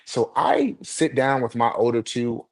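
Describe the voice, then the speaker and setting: A man's voice: mid-range voice, lively intonation, a little slow. A middle-aged man on a podcast, talking earnestly about raising his kids and making them earn things. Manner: earnest, lecturing about values. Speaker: podcast co-host. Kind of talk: casual chat.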